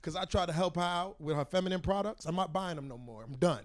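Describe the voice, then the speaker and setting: Boisterous high-voiced male stand-up. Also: quick pace. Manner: boisterous, animated storytelling, direct to the crowd. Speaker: stand-up comedian. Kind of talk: stand-up comedy set. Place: comedy club stage.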